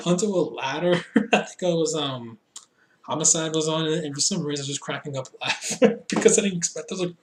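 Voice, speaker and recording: A man's voice: on the high side, fast, slight background noise. Tipsy rambling man in an echoey room. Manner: rambling, laughs at himself, many fillers. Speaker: wrestling reviewer. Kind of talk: casual video review.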